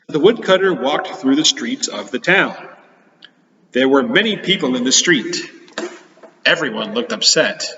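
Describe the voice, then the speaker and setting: A playful man reads a storybook aloud to children. His bright voice rises and falls in a lively way. The recording is dull and lo-fi, with a long hall echo. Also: medium pitch, measured pace. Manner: playful, chatty, expressive when reading. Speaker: teacher reading to children. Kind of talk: storybook read-aloud for kids. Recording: echoey hall, dull lo-fi sound.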